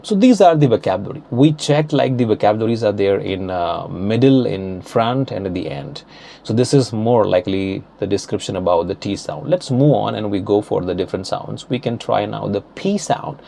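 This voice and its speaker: A man's voice: lowish voice, animated, vocal fry, dark tone. Indian English man drilling pronunciation. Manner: slow, deliberate word-by-word drilling with repetitions. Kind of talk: accent lesson, reading word lists.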